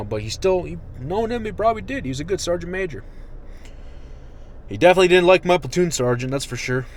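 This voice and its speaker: A young man and army veteran venting in an angry, profane monologue that swings from shouting to muttering. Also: mid-range voice, slight background noise.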